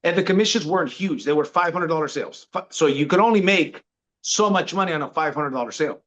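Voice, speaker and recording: A man's voice: fairly high pitch, fast talker, a bit bright. A man in his forties telling his career story in a laid-back way, calling the listener bro. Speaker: podcast guest. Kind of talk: casual storytelling. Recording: dull lo-fi sound.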